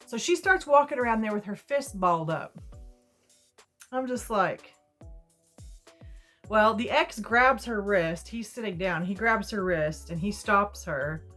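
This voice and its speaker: A woman's voice: mid-range voice, expressive, unhurried, long pauses, fairly bright tone, faint music behind. A woman vlogger retelling a personal story in a rambling, chatty way with asides. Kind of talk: casual storytime.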